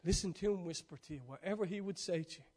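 A man preaching a sermon, swinging between loud urging and hushed, almost whispered passages. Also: sits high, fast.

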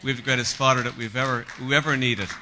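A man's voice: medium pitch, fairly even intonation, fast talker, pushed and bright, slight background noise. An Irish man, a guest pastor, giving an earnest, hesitant greeting to a congregation. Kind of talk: church greeting.

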